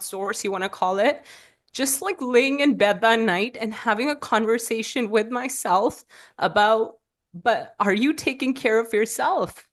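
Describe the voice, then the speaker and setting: A woman guest on a podcast telling a personal story, halting and tearful at times, her voice lifting when she quotes her own thoughts. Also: medium pitch, fairly bright tone. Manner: halting, with fillers and restarts, voice rising in quoted self-talk.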